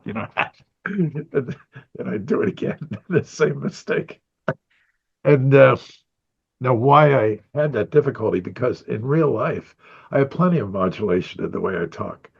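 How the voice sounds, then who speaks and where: A man's voice: medium pitch, animated, measured pace, vocal fry, slightly rough, muffled recording. An older man in a rambling interview about his animation career, a chuckling storyteller who acts out what people said.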